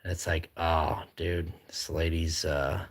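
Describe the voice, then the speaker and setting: Deep husky man chatting on a stream. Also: little pitch movement, slow. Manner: reads viewer comments aloud and chats back. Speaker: live-stream host. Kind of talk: casual live-stream chat while drawing.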